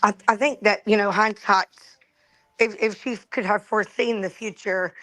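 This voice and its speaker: A woman's voice: medium pitch, steady tone, moderate pace, a bit bright, low-quality recording. A woman speaking as a guest on a panel chat, sympathetic in tone and often repeating words as she starts a thought.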